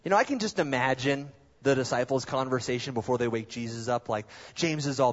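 A male pastor preaching a sermon, telling stories in an animated way with self-deprecating humor. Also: mid-range voice, fairly quick, few pauses. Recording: dull lo-fi sound.

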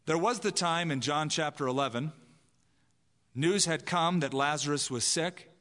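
A man's fairly bright, higher-than-average voice carries a long reverb tail as he preaches at a moderate pace. The pastor keeps the sermon conversational, acting out the voices he quotes.

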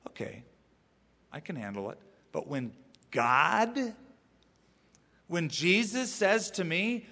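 A man preaching to a congregation in a lively, swooping voice that sits a little high for a man. He is playful and keeps acting out little quoted voices. His words ring out with the long reverb of a large hall. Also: unhurried. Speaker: pastor. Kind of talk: sermon.

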